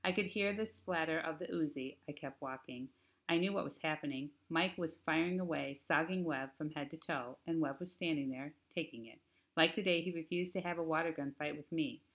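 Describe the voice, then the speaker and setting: A woman narrating a novel in the first person as a teenage boy, steady and plain. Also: sits low, fairly quick. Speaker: audiobook narrator.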